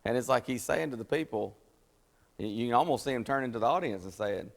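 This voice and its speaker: A man's voice: animated, fast talker, vocal fry. A man leading a Bible study in a conversational teaching style, explaining scripture and acting out the quotes. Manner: folksy, explanatory, acts out scripture quotes with rising pitch. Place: church meeting room. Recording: church hall with long reverb.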